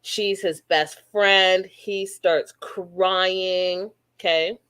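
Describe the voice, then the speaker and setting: A woman from Canada hosting a casual reality TV recap, blunt and animated, acting out quotes. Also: fairly low pitch, drawn-out words, clean tone.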